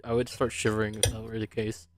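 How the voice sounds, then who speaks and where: A man's voice: lowish voice, completely flat delivery, fast, background noise. A man hosting a podcast in casual chat, talking loosely and stammering on restarts. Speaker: podcast host.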